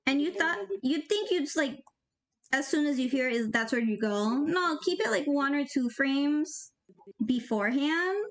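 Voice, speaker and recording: A young woman with a high, light voice talks her way through her work in a loose, rambling way. She jokes at her own expense and drops casual tips as they come to her. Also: lively intonation, unhurried. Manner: rambling, jokey, gives offhand tips. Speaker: animator. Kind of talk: casual commentary while working.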